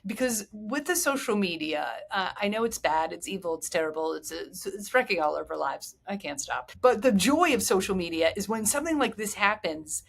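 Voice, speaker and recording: A woman's voice: medium pitch, animated, moderate pace, vocal fry, hardly any pauses. A woman hosting a podcast in a chatty, candid, rambling way. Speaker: podcast host. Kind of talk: casual chat.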